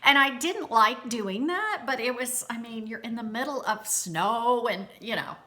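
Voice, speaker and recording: A woman vlogger telling a personal story to her viewers in a chatty, animated way, with frequent restarts. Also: a little high, measured pace. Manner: addresses viewers directly.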